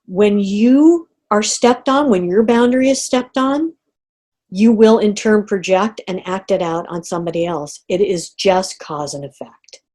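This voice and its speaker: A middle-aged woman leading an online group coaching call, talking in an animated way and acting out inner reactions. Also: mid-range voice, measured pace. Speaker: coach running a group session. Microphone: video call.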